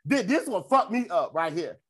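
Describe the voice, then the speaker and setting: A man's voice: high voice, big pitch swings, moderate pace, husky. A man, telling a loose, profane weekend story on a podcast and slipping into quoted voices. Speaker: podcast co-host. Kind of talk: casual storytelling chat.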